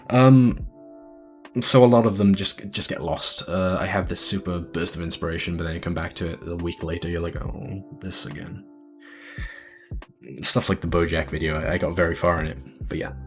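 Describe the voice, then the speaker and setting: A man's voice: sits low, level tone, brisk, soft background music. A young man giving a casual online convention panel talk from a room at home, earnest and rambling, often repeating words as he starts a sentence. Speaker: convention panelist and video editor.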